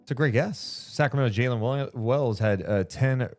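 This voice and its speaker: A man co-hosts a casual basketball podcast, reading out stat lines conversationally and running a playful guessing game as a quiz host. His voice is mid-range at normal speed, with soft background music.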